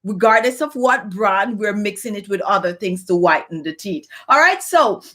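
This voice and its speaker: A woman's voice: mid-range voice, lively intonation, normal speed, fairly bright tone. A middle-aged woman hosting a live beauty stream, tired and chatty, greeting viewers by name and rambling in a personal way with lots of fillers.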